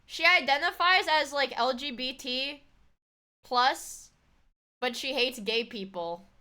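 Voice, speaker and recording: A woman streamer chatting casually as she reacts to a video, excitable and swearing, shrieking thanks to her viewers. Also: high-pitched, takes it slowly.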